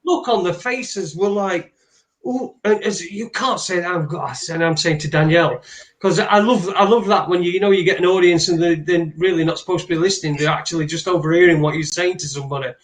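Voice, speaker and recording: A man co-hosting a casual chat, ranting with animated, halting restarts. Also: high-pitched. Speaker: co-host.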